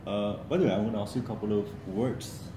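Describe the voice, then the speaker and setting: A man's voice: on the low side, fast talker, reverberant, noisy background. A man from Bangladesh, an interview host asking questions politely and hesitantly, with many fillers. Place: language school in Bangladesh.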